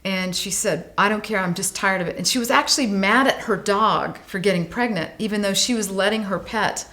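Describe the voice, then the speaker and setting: A woman's voice: mid-range voice, a little fast. A woman in her late forties, a guest on an interview show, telling a story with lots of feeling, her voice rising and dropping with the tale. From United States. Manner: animated, vivid storyteller, voice rising and falling with the tale. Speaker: guest, animal welfare advocate.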